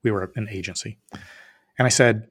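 A man's voice: fairly low pitch, normal speed, breathy edge. A man in his fifties, a guest on a podcast, telling a business story with lots of acted-out dialogue and plain-spoken swearing. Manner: animated storyteller who acts out both sides of quoted dialogue.

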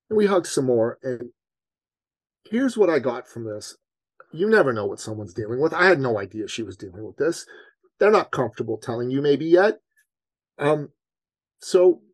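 A man, a business coach, telling a personal story on a podcast in an earnest, animated way that leans on his faith. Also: medium pitch, no echo. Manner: animated storyteller, acts out his own panic.

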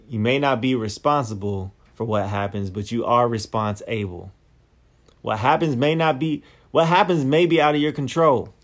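A man preaching a sermon, speaking slowly and deliberately and repeating key phrases for emphasis. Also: medium pitch.

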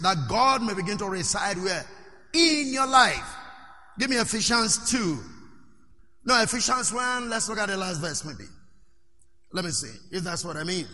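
Male preacher, sermon, high voice, call-and-response questions, long hall reverb. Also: bright, forceful tone.

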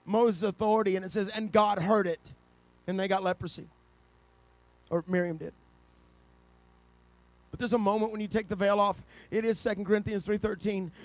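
A middle-aged man preaching a sermon in a notably high voice, recorded dry and close with almost no room sound. He tells personal stories and often stumbles and restarts his sentences. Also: no echo. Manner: builds to loud, high-pitched preaching; storytelling, with repeated restarts.

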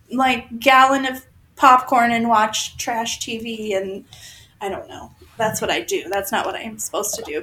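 A woman's voice: on the high side, low-quality recording. A woman in her forties chatting casually from her bedroom floor into a microphone, laughing often and poking fun at herself. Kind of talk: casual chat. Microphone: desk microphone.

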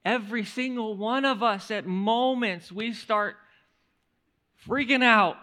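A male pastor preaching a sermon in an animated storytelling manner, often restarting his words. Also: high voice, slow.

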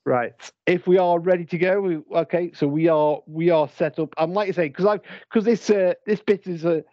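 A man's voice: sits high, fairly even intonation, normal speed, no echo, lo-fi sound. A British man hosting a casual podcast where he watches a movie live, talking in a rambling, playful way with lots of restarts. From United Kingdom. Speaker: podcast host.

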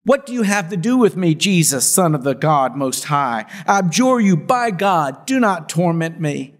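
A man's voice: fairly high pitch, big pitch swings, moderate pace. A man voicing a tormented demon who cries out in fear, pleading urgently during a scripture reading.

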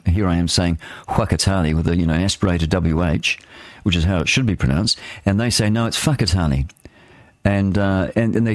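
Rambling older New radio host. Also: male voice, lowish voice, no echo, clean studio sound. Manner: rambling, opinionated, with frequent restarts and fillers. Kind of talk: casual talk radio monologue.

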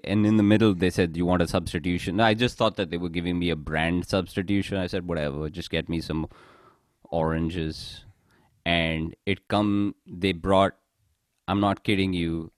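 Low-voiced guy cracking jokes and swearing, dry close mic. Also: no room sound. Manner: jokey, laughs often, swears. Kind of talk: casual chat.

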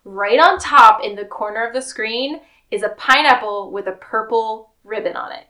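Higher-pitched woman recapping an episode. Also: sharp tone. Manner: retells scenes with quick acted quotes and laughs. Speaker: podcast co-host. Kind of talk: casual recap chat.

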